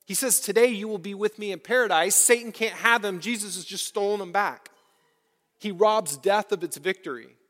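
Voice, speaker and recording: A man with a high, slightly bright voice preaches at a moderate pace as pastor of his church, repeating lines and posing rhetorical questions to the congregation. The sanctuary gives a long, hall-like reverb.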